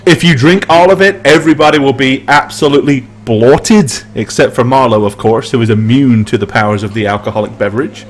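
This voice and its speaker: A man narrating as game master, chatty and animated, and he laughs easily. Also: medium pitch, brisk, hardly any pauses.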